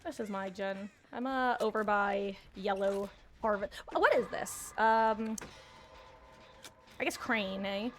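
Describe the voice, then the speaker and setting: A woman streaming a video game, chatting casually with her viewers and reacting excitedly to the play. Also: medium pitch, slight background noise. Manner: chatty, excitable, quick to laugh. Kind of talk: casual gameplay commentary.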